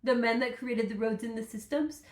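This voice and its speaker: A woman's voice: a little high, fairly even intonation, moderate pace, roomy sound. A woman hosting a podcast, chatting casually and emotionally, rambling and laughing often. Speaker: podcast host. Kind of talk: casual solo podcast chat.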